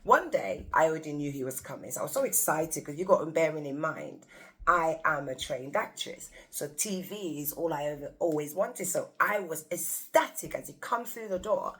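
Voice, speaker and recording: Woman, low-pitched, casual storytelling, exclamatory, talks straight to viewers. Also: animated, normal speed, fairly bright tone. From England. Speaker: vlogger.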